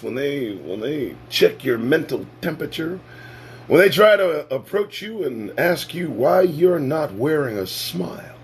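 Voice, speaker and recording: Male talk host: animated, sarcastic sermon-like rant, speaks slowly with big pitch swings. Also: breathy edge. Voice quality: animated, swings from loud bursts to low asides. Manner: preachy, sarcastic, swears freely. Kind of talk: profane freewheeling monologue.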